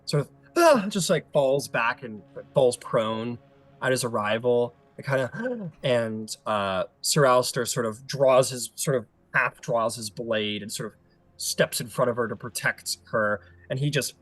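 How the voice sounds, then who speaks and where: A man's voice: medium pitch, unhurried, fairly bright tone. A man narrating a tabletop game as game master, casual and hesitant with many fillers.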